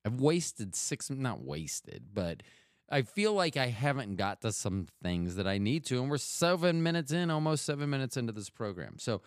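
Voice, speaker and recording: A man's voice: medium pitch, sing-song, moderate pace, no echo, studio quality. A man hosting a podcast, talking casually in a rambling, chatty way that keeps interrupting itself. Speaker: podcast host.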